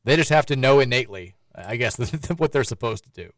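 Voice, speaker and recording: A man's voice: mid-range voice, expressive, fairly quick, no room sound. A man hosting a sports radio show in casual chat, with a sarcastic, dry joking manner.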